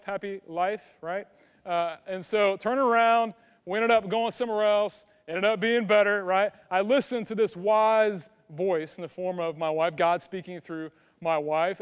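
High-voiced man preaching in a hall. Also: clear, resonant tone. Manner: animated preaching, drops to hushed prayerful tones. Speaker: pastor. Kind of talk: sermon. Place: church sanctuary.

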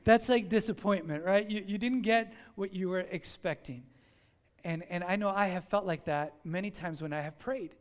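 A male pastor preaching a sermon, telling a story in an animated, conversational way. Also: high voice, moderate pace. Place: church in Miami.

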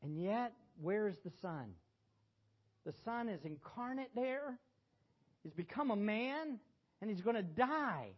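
A middle-aged man preaching a sermon in a church, swinging between loud exhortation and hushed emotion and asking the congregation questions. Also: high-pitched, expressive, takes it slowly, pauses often. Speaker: pastor.

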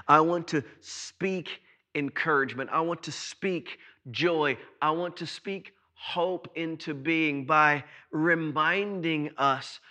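A man preaching a sermon to his church, repeating words for emphasis and swinging between loud and soft. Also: on the high side, takes it slowly. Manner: preaching with emphatic repetition and sudden swings in loudness. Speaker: pastor.

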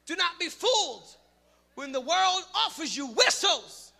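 A man preaching a sermon, shouting in bursts and then dropping to quiet prayer. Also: extremely high pitch, very animated, unhurried, gravelly. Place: church hall. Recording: long hall reverb with music behind.

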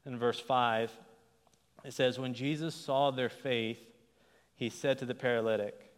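A pastor preaches a sermon in a conversational way, often restarting and checking in with rhetorical "right?" questions. His voice is medium-pitched, steady, unhurried and clean, with long hall reverb.

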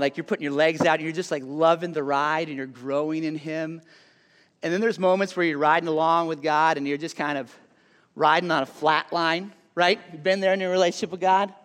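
A youth speaker gives a casual sermon to a live audience in a large hall, his high voice chatty and animated, full of "like" asides. For earnest appeals he drops to a soft, hushed tone. The hall adds a long reverb.

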